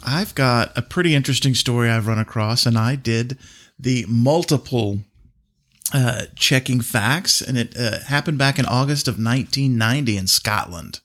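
A man co-hosting a podcast, telling a story in a relaxed way with many filler words. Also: medium pitch, normal speed. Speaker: podcast co-host. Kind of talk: casual chat.

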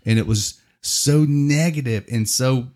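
A man's voice: mid-range voice, unhurried, a little mellow. A man co-hosting a podcast, talking casually, often restarting his sentences and laughing between thoughts. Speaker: podcast co-host. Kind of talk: casual chat.

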